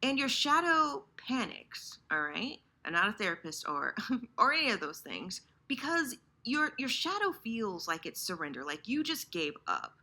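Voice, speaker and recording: A woman hosting a casual fan talk, animated and playful, acting out the listener's inner voice. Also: fairly high pitch, moderate pace. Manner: animated, acts out inner voices, lots of restarts. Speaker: host. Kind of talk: casual chat about fandom.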